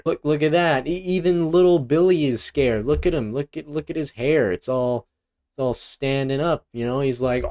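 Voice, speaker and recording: An online video creator with a medium-pitched, somewhat dark voice jokes his way through a drawing session, poking fun at himself in goofy commentary. He rambles and restarts often, speaking into a desk mic while wearing headphones, with a face cam running.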